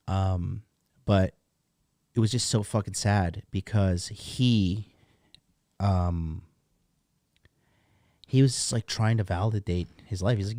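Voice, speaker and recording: A podcast host in his thirties runs a casual livestream, talking bluntly, profanely and in a rambling way. His voice is on the low side and mellow, at normal speed with long pauses, recorded at studio quality with no echo.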